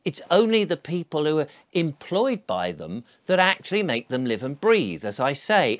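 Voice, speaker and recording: A man talks straight to camera in a loose, rambling monologue, earnest and coaxing. His pitch swings widely from line to line. He often restarts mid-phrase as he goes. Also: very animated, moderate pace, few pauses, dry recording. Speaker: video blogger.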